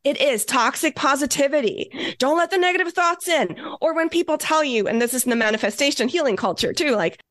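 Woman podcast guest, animated and blunt, a bit high; dry, close recording. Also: fairly quick, hardly any pauses, dry recording. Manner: emphatic, animated, swears for emphasis. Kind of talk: casual conversational podcast.

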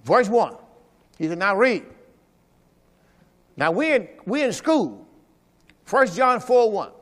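A high-voiced man preaching in a church, speaking. He swings from loud, pressing exhortation to low, confiding asides as he works through scripture. His voice rings out with a long reverb through the hall. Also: big pitch swings, a little slow. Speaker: pastor. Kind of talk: sermon. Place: church during a Sunday service.

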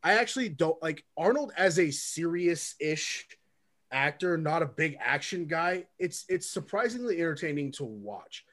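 A man's voice: on the high side, very animated, moderate pace, fairly bright tone. A man co-hosting a casual movie podcast, rambling with lots of ums and restarts. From lives in Oregon. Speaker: podcast co-host. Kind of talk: casual movie review chat.

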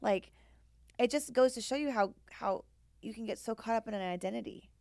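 A woman's voice: fairly high pitch, a little fast, darkish tone, dry recording, studio quality. A woman co-hosting a casual podcast chat. She talks candidly, swears freely and acts out quoted dialogue. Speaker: podcast co-host.

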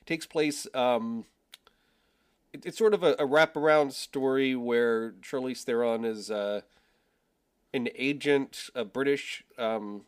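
A man hosting a podcast, talking casually about films in a halting way, often trailing off quietly. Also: mid-range voice, clear, resonant tone. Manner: halting, with many fillers and restarts, trailing off quietly. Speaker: podcast host. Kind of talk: casual film chat.

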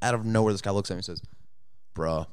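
A man's voice: fairly low pitch, quick pace, darkish tone, clear, resonant tone, no echo, clean studio sound. A man on a podcast telling a long story to friends in a casual, profane way, laughing as he goes. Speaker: podcast co-host.

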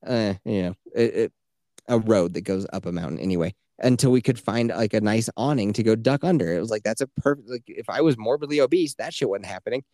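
A man's voice: fairly low pitch, quick pace, mellow, no echo. A man co-hosting a podcast in casual chat, rambling through stories, swearing freely and laughing at his own jokes. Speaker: podcast co-host.

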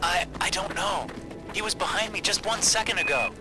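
A desperate woman astronaut on a doomed mission, her voice pitched high and kept soft. She stammers in fear over loud dramatic music, as a male narrator puts her on. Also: moderate pace, close to an everyday voice. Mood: panicked. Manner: anxious, stammering. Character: female astronaut, frightened and desperate.

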